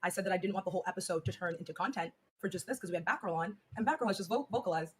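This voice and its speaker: Flat, measured woman with low voice. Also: slight background noise. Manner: flat, measured, deliberately calm monotone. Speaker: co-host on a live stream. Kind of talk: serious on-air reply.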